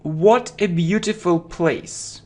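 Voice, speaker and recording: A man giving an English vocabulary lesson, drawing each word out very slowly and saying it twice so learners can follow. His voice sits a little high for a man. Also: darkish tone. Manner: slow, deliberate, repeats words for learners. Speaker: English teacher. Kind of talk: slow vocabulary lesson with drills.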